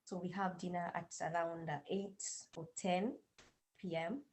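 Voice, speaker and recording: Kenyan woman, hesitant and low-pitched. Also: flat delivery, a little slow, a little mellow, a little hiss or hum, low-quality recording. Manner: hesitant, many fillers and restarts. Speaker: guest language teaching assistant. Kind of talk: casual interview.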